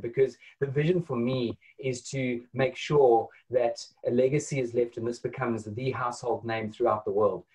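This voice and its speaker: A man's voice: mid-range voice, a little mellow, low-quality recording. A man who leads a training course, speaking hesitantly with many fillers on a video call. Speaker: course leader. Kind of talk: casual call chat.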